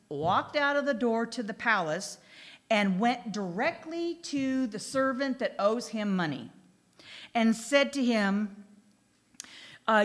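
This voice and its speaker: A woman preaching a sermon in a lively, chatty way, reading scripture and exclaiming as she goes. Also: on the high side.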